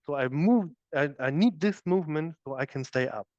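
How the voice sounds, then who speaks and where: A man's voice: fairly high pitch, lively intonation, normal speed, darkish tone, no echo. A man teaching a live yoga class, demonstrating the moves as he explains them and often checking in with "okay?". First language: German. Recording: dull, dry studio recording.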